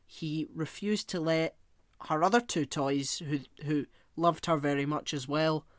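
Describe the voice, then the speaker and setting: A man co-hosting a podcast, chatting casually and rambling, often pausing to hunt for the right word. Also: fairly high pitch, steady tone, no echo, studio quality. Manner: rambling, searches for words with many fillers. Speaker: podcast co-host. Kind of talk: casual chat.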